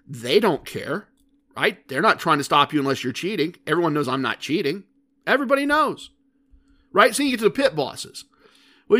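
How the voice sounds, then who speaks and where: A high-voiced man talks through a casual podcast monologue. He tells stories in a chatty way and keeps asking his listeners rhetorical questions. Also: fairly bright tone. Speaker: podcast host.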